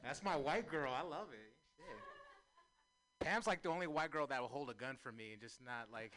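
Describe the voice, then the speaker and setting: Male stand-up comic, crude and self-mocking, bright and forceful, mid pitch. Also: moderate pace, slight background noise. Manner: crude, self-mocking, swings to loud shouting. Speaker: stand-up comedian. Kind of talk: stand-up comedy set.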